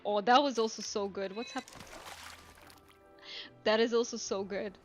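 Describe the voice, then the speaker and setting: A woman's voice: fairly high pitch, steady tone, measured pace, soft background music. A woman streaming a game, chatting casually and musing aloud to her viewers. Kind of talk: casual gameplay commentary.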